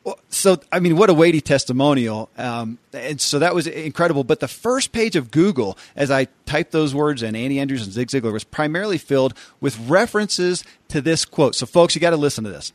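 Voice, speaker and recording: A man hosts an interview with effusive enthusiasm, heaping praise on his guest. His voice sits a little high. The recording is dry and close. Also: animated, brisk, hardly any pauses, dry recording. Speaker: podcast host. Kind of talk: interview hosting.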